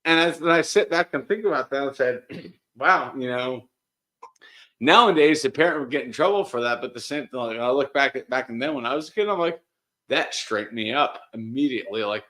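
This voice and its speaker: A man telling a story from his childhood in a casual, lively way, acting out what people said, often stopping to restart a sentence. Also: mid-range voice, fairly quick.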